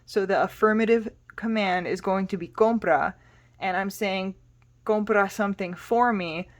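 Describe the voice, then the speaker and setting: A woman's voice: medium pitch, normal speed. Casting note: a female language teacher, patient, a mid-range voice, spells terms out. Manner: patient, spells words out letter by letter. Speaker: Spanish teacher. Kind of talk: explaining a language lesson.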